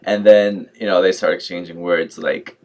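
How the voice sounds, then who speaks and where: A young man telling a story on his vlog in a casual, animated way, full of fillers like "like" and "yo". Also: sits low, normal speed. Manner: animated, mimics others in quotes, many fillers like "like" and "yo". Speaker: vlogger.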